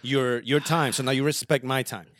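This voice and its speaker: A man's voice: mid-range voice, fairly even intonation, moderate pace, fairly bright tone, slight background noise. A man hosting a podcast, earnestly retelling events step by step in casual talk. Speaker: podcast host.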